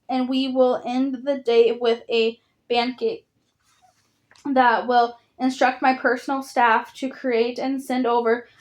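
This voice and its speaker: A woman's voice: a little high, lightly acted. Woman reading a sea king, commanding and formal, storybook audiobook. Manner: formal, stately speech. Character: stern sea king, older man, commanding.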